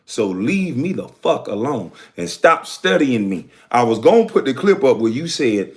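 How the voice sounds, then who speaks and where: A man delivering an angry, profane rant straight to the camera, calling out critics in a heated, confrontational way. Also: medium pitch. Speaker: commentator answering critics.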